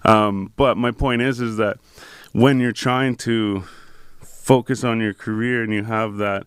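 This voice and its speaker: Male host, casual and swearing freely, smooth voice, dry studio sound. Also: fairly low pitch, fairly even intonation, a little slow, no room sound. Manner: loose, profane storytelling. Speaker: podcast host. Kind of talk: casual interview chat.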